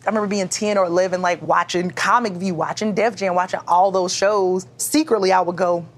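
A woman with a twang doing a stand-up comedy set in a club, animated and loud on her punchlines. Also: on the low side, fairly quick. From Southern United States. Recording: live club with loud crowd noise. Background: audience laughter and chatter.

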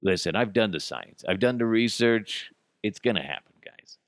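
A man hosts a comedic news podcast in a mocking, profane rant, forever wandering off on tangents. His pitch leaps around wildly as he riffs. The sound is dry and close, with no room around it. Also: lively intonation, normal speed, no echo. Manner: tangents and laughter-breaks. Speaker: podcast host.

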